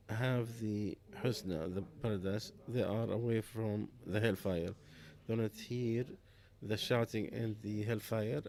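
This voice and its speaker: Slow, halting man giving Quran commentary. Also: lowish voice, a little mellow. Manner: slow, halting, with pauses and restarts. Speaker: Quran interpreter. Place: mosque.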